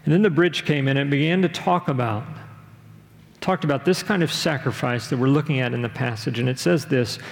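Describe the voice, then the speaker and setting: Gravelly-voiced preacher in a reverberant hall. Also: male voice, mid-range voice. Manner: earnest, measured preaching with rhetorical questions. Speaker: pastor. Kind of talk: sermon. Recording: long reverb of a large hall.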